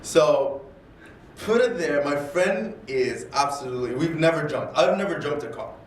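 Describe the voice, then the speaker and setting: A man telling a story casually and animatedly, acting out the dialogue and repeating words when excited. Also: fairly high pitch, moderate pace, slight background noise. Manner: animated, acts out dialogue in voices. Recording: echoey room, distant mic, faint ambience.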